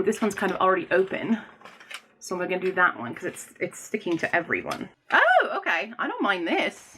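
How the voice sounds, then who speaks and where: A woman booktuber chatting casually in a vlog, bubbly and quick to exclaim. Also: fairly high pitch, sharp tone.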